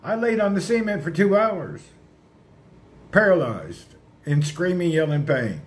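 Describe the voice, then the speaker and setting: A man chatting casually on a livestream, rambling and answering his viewers' comments out loud. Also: a little high, animated, a little slow.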